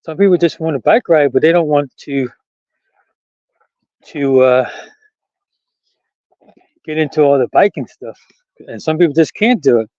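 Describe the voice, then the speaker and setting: A man's voice: on the high side, unhurried, pauses often, darkish tone, dry recording, dull audio. Chatty man rambling on an outdoor trail. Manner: rambling, chatty, laughs at his own jokes. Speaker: vlogger. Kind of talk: casual walking vlog.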